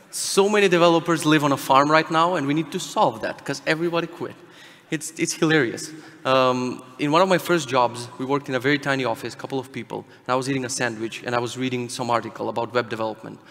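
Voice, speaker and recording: A man's voice: medium pitch, fairly bright tone. A man from Macedonia giving a casual, joking, profane conference talk from a stage. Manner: irreverent, fast, profane, jokey. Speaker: conference speaker. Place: large conference hall. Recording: reverberant conference hall.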